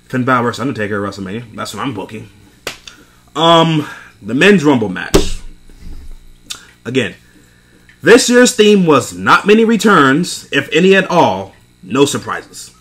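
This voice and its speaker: A man's voice: medium pitch, very animated, normal speed, fairly bright tone, a little hiss or hum. A young man recapping a wrestling event in a casual, profane rant, exasperated and laughing between points. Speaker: wrestling show reviewer.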